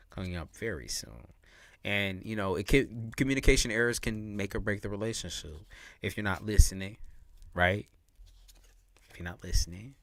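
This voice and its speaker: A man's voice: deep voice, a bit bright, dry recording. A man giving casual, slangy tarot readings on a live stream, laughing often and repeating his points. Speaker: tarot reader.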